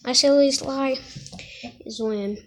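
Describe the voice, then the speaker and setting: A woman talking casually at home for a reaction video, halting and repeating words as she goes. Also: high-pitched, slight background noise.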